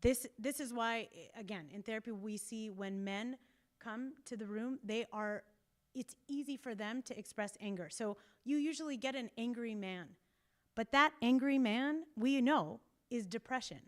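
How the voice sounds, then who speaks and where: Animated woman therapist talking to a group. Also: fairly high pitch, normal speed. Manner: animated and emphatic, laughs often, acts out quotes. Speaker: couples therapist leading a group talk. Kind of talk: casual talk to a group. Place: church meeting room.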